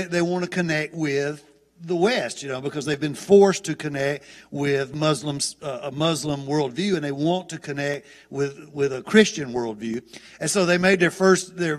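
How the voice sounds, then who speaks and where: A man with a Southern US accent, a guest preacher giving a folksy, chatty sermon with many restarts. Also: fairly high pitch. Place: church auditorium. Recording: long church hall reverb.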